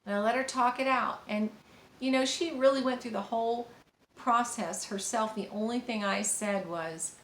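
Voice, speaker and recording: A middle-aged woman teaching about parenting, telling a personal story in a gentle, rambling way with many fillers and restarts. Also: fairly high pitch, normal speed. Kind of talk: informal teaching monologue with anecdotes. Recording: echoey room with faint ambient noise.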